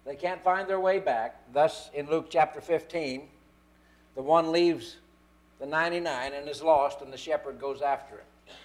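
A man delivers a sermon in a fairly high voice. He leans on key phrases, slowing down to stress them one word at a time. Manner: emphatic, slow stresses on key words. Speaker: preacher.

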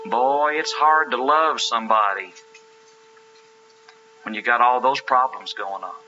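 A man's voice: medium pitch, unhurried, pushed and bright, slight background noise. A man preaching a sermon, telling a story with earnest, emphatic rhetorical questions. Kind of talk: sermon with anecdote. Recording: lo-fi sermon recording.

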